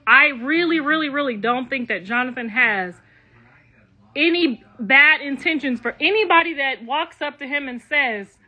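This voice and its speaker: Brash, high-voiced older woman ranting. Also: normal speed, dull audio. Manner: profane, brash, talks straight to viewers. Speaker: online commentator. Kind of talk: casual rant to viewers.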